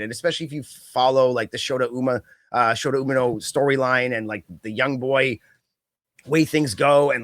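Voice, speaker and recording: A young adult man co-hosting a casual podcast chat, rambling and animated, with lots of fillers and quick mock impressions. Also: medium pitch, no room sound, clean studio sound. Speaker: podcast co-host.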